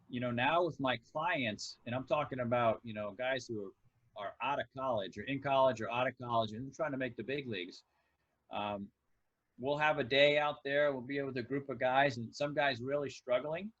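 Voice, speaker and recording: A middle-aged former athlete talking on a podcast. His voice sits in an ordinary middle register, and he spins long, reflective stories in a relaxed, conversational way. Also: medium pitch, moderate pace, dull audio. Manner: reflective, tells sports anecdotes at length. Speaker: former pro kicker and kicking coach, guest. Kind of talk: casual podcast interview.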